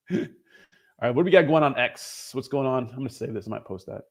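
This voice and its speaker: A man's voice: mid-range voice, lively intonation, a little fast. Profane, rambling young man on a livestream. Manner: rambling, profane, joking with chat. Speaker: crypto livestream host. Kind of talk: casual livestream chat.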